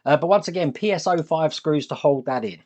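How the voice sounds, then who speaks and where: A man's voice: on the high side, a little fast, darkish tone. A man giving chatty, upbeat step-by-step commentary while building a large scale model at his workbench.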